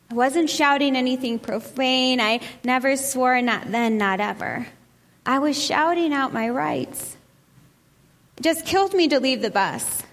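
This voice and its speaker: A woman giving an earnest, measured talk and reading a first-person account aloud, slowing on key phrases for emphasis. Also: on the high side, a bit bright. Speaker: speaker reading a memoir aloud. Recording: long hall reverb.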